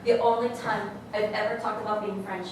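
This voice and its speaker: A woman's voice: medium pitch, flat delivery, brisk, natural voice. A young woman improvising a touchy, opinionated French roommate in a comedy scene, blunt and often laughing. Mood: indignant. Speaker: improv performer. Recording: very echoey room, distant mic, noisy.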